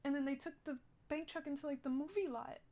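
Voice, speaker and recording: Young woman w a high voice rambling through a shaken story in character, lots of "like". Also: steady tone, fast talker, mellow. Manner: rambling, shaken retelling full of "like" and restarts. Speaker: streamer playing a character in a city role-play game. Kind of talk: in-character storytelling in online role-play.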